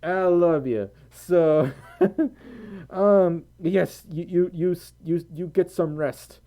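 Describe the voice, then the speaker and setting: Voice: medium pitch, extremely slow, phone-quality sound. A tired American streamer chatting casually on a live stream, giggling and rambling while reading out viewer donations. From United States.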